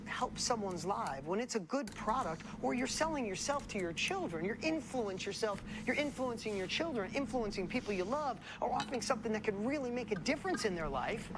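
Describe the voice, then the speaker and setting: A woman delivers a preachy motivational speech from a stage, repeating key phrases and throwing questions at the crowd. Her voice sits a little high. Clear ambient noise fills the background of the played-back recording. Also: lively intonation, moderate pace. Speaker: motivational speaker.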